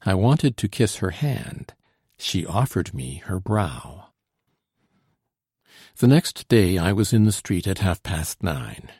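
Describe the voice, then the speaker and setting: A man narrating a classic novel in the first person, in a measured, old-fashioned storytelling manner. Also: sits low, big pitch swings, a little mellow, breathy edge, no room sound, clean studio sound. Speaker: audiobook narrator. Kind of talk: scripted narration.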